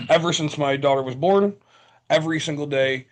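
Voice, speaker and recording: A man's voice: a little high, normal speed. A man co-hosting a podcast, chatting casually and rambling, poking fun at himself and restarting his sentences. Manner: rambling, self-deprecating, with many restarts. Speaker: podcast co-host. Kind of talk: casual chat.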